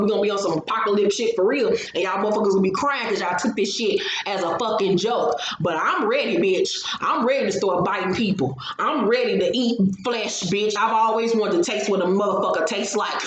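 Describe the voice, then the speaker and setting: A woman hosting a casual gossip commentary, ranting loudly with heavy profanity. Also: medium pitch. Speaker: gossip channel host. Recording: echoey room with faint noise.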